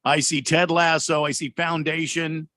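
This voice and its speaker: A man's voice: on the high side, little pitch movement, moderate pace, sharp tone, no room sound. A man co-hosting a radio show, telling stories in a rambling, casual way. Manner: storytelling, rambling with restarts. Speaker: radio co-host.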